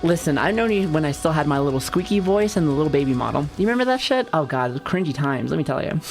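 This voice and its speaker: A young woman streamer talks casually and playfully to her chat, joking and swearing as she goes. Her voice sits low for a woman. Faint music plays softly behind her. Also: animated, fast.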